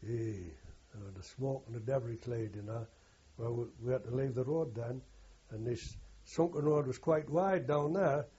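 An older man tells a long oral-history story in a rough, earthy and rambling way, often stopping to correct himself. His voice is dark and very husky. The recording is dull and lo-fi. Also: mid-range voice, moderate pace, few pauses. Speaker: war veteran interviewee.

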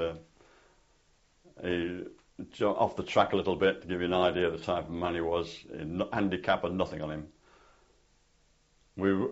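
An older man telling rambling anecdotes with many fillers in an oral history interview. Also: deep voice. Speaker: interviewee, former parachute instructor. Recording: dull lo-fi tape recording.

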